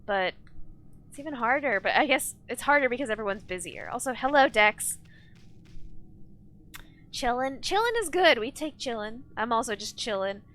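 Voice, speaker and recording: Young female streamer, high-pitched and bright, chatty and ranty. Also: animated, moderate pace, long pauses. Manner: rambling, ranting, reads chat aloud. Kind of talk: casual live-stream chat while gaming.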